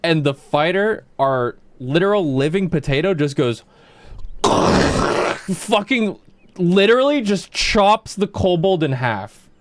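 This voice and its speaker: Animated man chatting on stream. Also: sits high, slow, a little hiss or hum. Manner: rambling, many fillers and restarts, swears, laughs at his own stories. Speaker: livestreamer. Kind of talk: casual chat while gaming.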